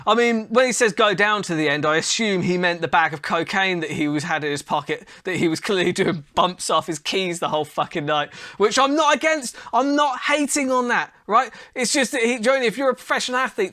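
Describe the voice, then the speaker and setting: High, bright-voiced comic ranting. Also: male voice. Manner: sarcastic, sweary, ranting. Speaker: comedy podcast host. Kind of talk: comedic news rant.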